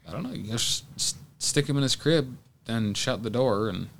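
A man co-hosting a casual podcast, speaking haltingly with many restarts and dry humor. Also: mid-range voice, lively intonation, gravelly, slight background noise. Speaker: podcast co-host. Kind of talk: casual chat.

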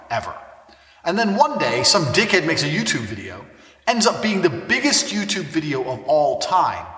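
A brash, boastful man rants to camera in a casual monologue, cursing constantly. His voice is bright and his pitch swings widely as he talks. The sound is distant and echoes around a room with a long tail of reverb. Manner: brash, boastful and heavily profane. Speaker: online personality. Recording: echoey room, mic far off.

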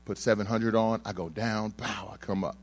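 This young man, fairly low-pitched and talking at normal speed, recounts something from his own life to an audience. He brings the people in the tale to life and jokes around with the listeners.

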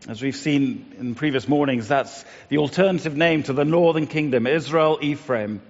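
Guy, middle-aged, kinda high voice, thinking out loud with lots of ums, muffled and echoey. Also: moderate pace, few pauses. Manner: conversational, musing, many fillers and restarts. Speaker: morning devotional speaker. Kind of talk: reflective spoken devotion. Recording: dull lo-fi sound, long reverb.

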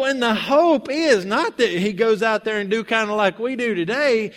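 A male preacher giving a sermon, telling a personal story and then reading and explaining scripture in an animated, conversational way. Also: extremely high pitch, moderate pace, few pauses.

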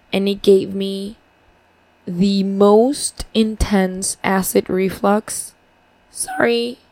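A young woman from Paraguay records a casual video diary, speaking at an unhurried pace. Her talk is chatty and upbeat, and she swears freely. The sound is dry, with no room echo. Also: medium pitch. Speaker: vlogger.

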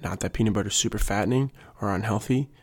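Young gym teacher dude rambling, kinda low voice, jokey and worked up. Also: male voice, fast talker, slightly rough. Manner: jokey, self-mocking, gets worked up. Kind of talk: casual rambling monologue.

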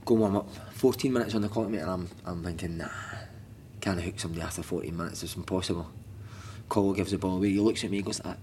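A Scottish man in his thirties, a former footballer on a podcast, telling animated, sweary stories and shouting out quoted lines. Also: on the low side, brisk, a little hiss or hum. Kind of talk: casual chat, storytelling.

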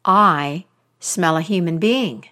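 Old witch as a woman puts her on, low and gruff, bossy, menacing, storybook villain. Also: slow pace, bright, forceful tone. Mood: suspicious.

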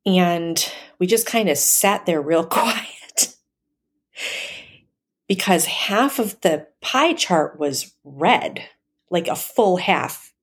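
A woman telling a personal story in a casual, hesitant way, with many fillers and soft laughs. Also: lowish voice, lively intonation, very slow, husky.

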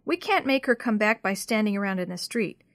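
A woman voicing a mother who calmly reassures her young daughter. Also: medium pitch, fairly quick, no room sound, clean studio sound, natural voice. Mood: soothing. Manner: calm and reassuring. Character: gentle, soothing mother of a young girl.

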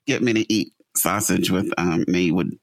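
A man's voice: low-pitched, normal speed, gravelly. A man, a son, telling family stories in a casual chat, laughing and mimicking his mother.

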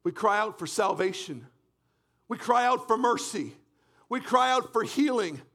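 A man from Canada preaching a fervent sermon, often shouting and repeating phrases in a church. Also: high voice, animated, a little slow. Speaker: pastor.

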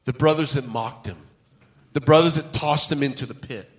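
A man's voice: mid-range voice, normal speed. A male pastor preaching a conversational sermon, telling Bible stories and acting out the characters' lines. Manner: conversational storytelling, acts out quotes.

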